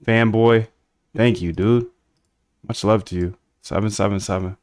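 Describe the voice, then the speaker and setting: A man's voice: on the low side, fairly even intonation, unhurried, darkish tone, no room sound. A man hosting a casual livestream, coding aloud and bluntly reacting to chat. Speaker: livestream host.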